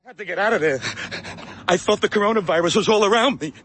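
A man playing a panicky, germ-terrified New Yorker in a comedy parody, rambling and swinging between panic and self-calming. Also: sits high, quick pace, slight background noise. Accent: New York.

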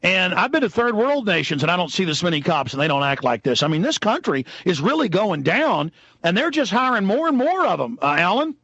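A man hosting a radio talk show, delivering a heated, angry political rant that builds into shouting. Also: sits high, big pitch swings, no echo, highs cut off. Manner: fast, angry, rising to shouts. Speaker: radio host.

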